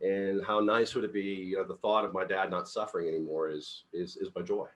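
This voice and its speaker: A man's voice: low voice, brisk. A middle-aged man leading a team meeting as company CEO, giving a casual motivational talk and acting out the dialogue in his personal stories with upbeat energy. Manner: upbeat, animated storyteller who acts out dialogue.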